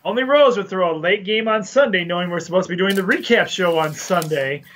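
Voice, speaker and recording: A man's voice: high-pitched, a little fast, a bit bright, slight background noise. A young man co-hosting a sports picks show, joking and chatty in a casual way and laughing often.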